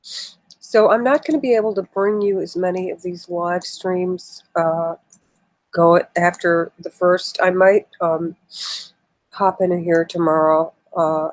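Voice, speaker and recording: A woman's voice: lowish voice, steady tone, takes it slowly, no room sound, low-quality recording. A woman hosting a casual political live stream, reading news articles aloud with indignant, emotional asides. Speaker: political livestream host.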